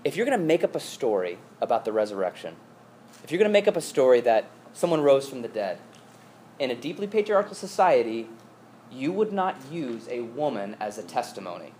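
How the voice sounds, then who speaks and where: A man's voice: medium pitch, sing-song, a little fast, darkish tone, slight background noise. Man preaching a conversational sermon. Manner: conversational storytelling with asides. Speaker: pastor.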